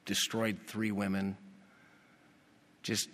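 Low-voiced pastor preaching in a reverberant hall. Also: male voice, takes it slowly. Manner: animated, rhetorical questions to the congregation. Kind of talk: sermon. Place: church. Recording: long reverb of a church hall.

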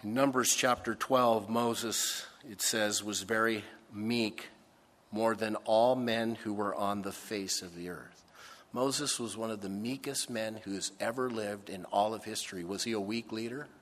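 A man preaching a sermon, slow and emphatic, swinging between loud stressed phrases and soft, low asides. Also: fairly even intonation, big-room sound. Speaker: pastor.

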